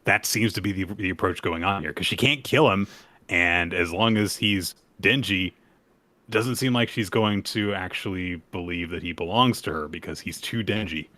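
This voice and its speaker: A man co-hosting a casual podcast, retelling comic chapters with animated energy and acted-out quotes. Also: deep voice, moderate pace, no room sound. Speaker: podcast co-host. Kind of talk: casual chat recapping manga.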